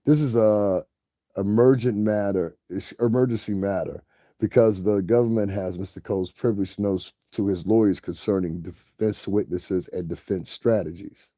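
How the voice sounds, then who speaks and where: A man's voice: on the low side, steady tone, moderate pace, mellow, no room sound, clean studio sound. A man giving casual commentary to his viewers, rambling, often repeating "you know what I'm saying" and laughing. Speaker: commentary vlogger.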